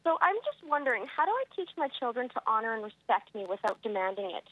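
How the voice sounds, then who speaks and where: A woman calls in to a talk show and tells her story plainly, a little hesitantly. Her voice sits slightly high, and the sound is dry and close. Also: very animated, fast, dry recording, phone-quality sound. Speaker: caller. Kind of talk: phone-in question.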